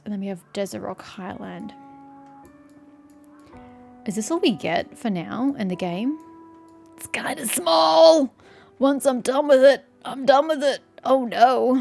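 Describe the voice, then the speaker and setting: A woman doing let's-play commentary, sarcastic and sweary, ranting about the game. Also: on the high side. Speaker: gaming streamer. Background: faint game music.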